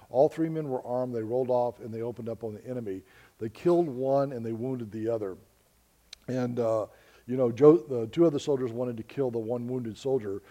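Earnest sermon storytelling comes from an American preacher and missionary with a dark-toned, mid-range voice. As he tells his stories, he calls the congregation folks.

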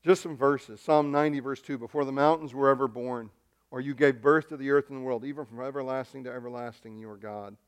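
Male pastor, mid-pitched voice, excitable sermon delivery with loud peaks and hushed asides, repeats words. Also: fast, clean tone.

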